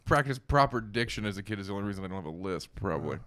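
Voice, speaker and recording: A man's voice: lowish voice, animated, rapid-fire, fairly bright tone, smooth, no room sound. A man hosting a podcast in casual chat, laughing often and swearing freely. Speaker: podcast host.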